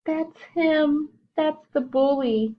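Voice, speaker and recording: A woman's voice: high voice, measured pace, dull audio, pitched above the performer's own voice. A woman voicing a frightened young male raccoon cub in a storybook reading, pleading and anxious.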